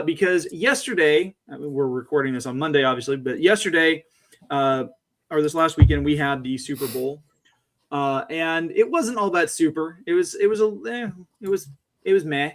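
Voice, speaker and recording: Chill podcast co-host dude, kinda higher voice, lots of uh. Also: male voice. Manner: easygoing, says dude, many uh fillers. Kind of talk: casual chat.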